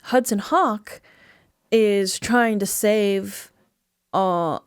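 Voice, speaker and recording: Casual lady telling a whole movie plot, lots of ums, dry room, middle pitch. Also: clean tone, dry recording. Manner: rambling, filler-heavy storytelling with quick acted-out quotes. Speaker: podcast host recapping a movie. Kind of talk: casual comedic movie recap.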